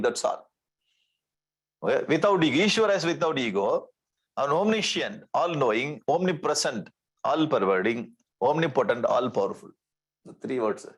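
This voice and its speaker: A swami teaches scripture in a slightly husky, fairly high voice. He repeats Sanskrit terms and checks in with his listeners. He keeps the tone light with gentle humor. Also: rough recording. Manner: repeats Sanskrit terms, asks "okay?" often. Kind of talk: spiritual lecture.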